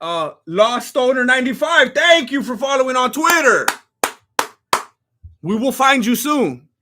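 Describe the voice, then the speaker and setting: A man doing live reaction commentary on a fight, ranting and often shouting, pausing to thank new followers. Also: extremely high pitch, very animated, background noise. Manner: thanks followers by name between rants. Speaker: live fight companion streamer.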